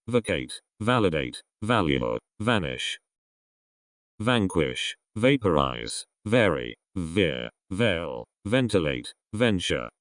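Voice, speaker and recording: A man reading a vocabulary list aloud, one word at a time with pauses between them. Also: low voice, dry recording, clean studio sound. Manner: reads single words one by one with pauses. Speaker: vocabulary reader.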